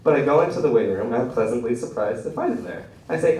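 A man's voice: medium pitch, lively intonation, rapid-fire, few pauses, darkish tone. Young man doing rambling stand-up. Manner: self-deprecating, rambling, laughs at own jokes. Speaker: stand-up comedian. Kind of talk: stand-up storytelling. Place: small room at an open mic. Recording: echoey room from a distant mic.

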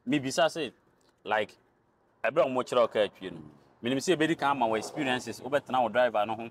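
A man with a Ghanaian accent who interviews the guest, asking long questions and answering with short soft acknowledgements. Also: mid-range voice, fairly quick. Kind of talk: casual interview talk.

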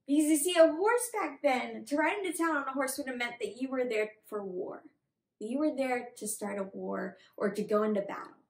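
A young woman, a children's pastor, telling a Bible story with bubbly enthusiasm in an online kids' service. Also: high-pitched. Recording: echoey room.

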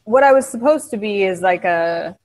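A woman's voice: medium pitch, expressive, moderate pace, a little mellow, rough recording. A woman playing a tabletop game, describing her character's actions in casual chat. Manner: chatty, laughing often. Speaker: player.

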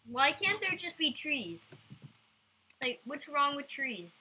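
A woman's voice: high voice, sing-song, slow pace, pushed and bright, rough recording. A woman doing goofy let's-play commentary, bursting into sudden squeals. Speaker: gamer.

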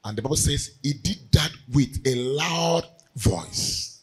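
A man preaching a sermon, swinging from loud cries to hushed lines. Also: fairly high pitch, slow pace, husky, low-quality recording.

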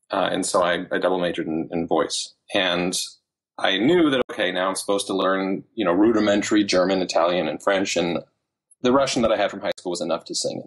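Low husky guy in his 30s, chatty podcast guest, tells stories fast with lots of asides. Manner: animated storyteller, quick asides with laughs. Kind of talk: casual interview chat.

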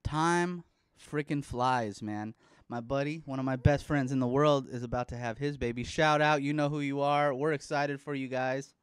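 A man's voice: mid-range voice, fairly even intonation, moderate pace, clear, resonant tone, no room sound. A man in his thirties from the Bay Area, hosting a casual chat show, rambling and joking with some swearing. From Bay Area, California. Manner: rambling, profane, jokey, baby talk to his son. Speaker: podcast host. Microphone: studio microphone.

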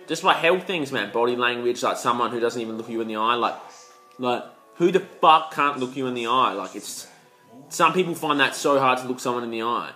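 A young man talks straight to camera in a loose, rambling vlog, swearing constantly and throwing in lots of slang. His voice has a bright, forceful edge that cuts through. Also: medium pitch. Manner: profane, rambling, slangy, animated. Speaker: vlogger.

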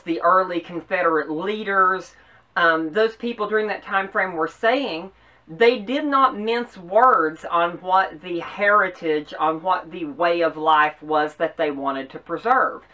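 A woman from the American South with a Southern accent, hosting an opinion commentary with earnest, emphatic delivery and measured pauses. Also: fairly low pitch, sharp tone, far from the mic. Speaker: host.

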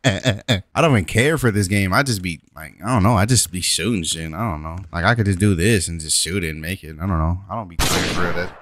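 A young man trash-talking his opponent while commentating a basketball video game, with playful taunts and high yelps. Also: brisk, fairly bright tone, a little hiss or hum. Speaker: YouTube gaming creator.

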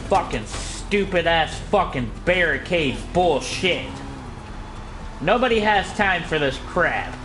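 A man from Iowa swearing heavily and yelling at the game as he plays and comments. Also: on the high side, expressive, slow, music in the background. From Iowa, United States. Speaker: gamer streaming gameplay. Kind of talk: frustrated gameplay commentary.

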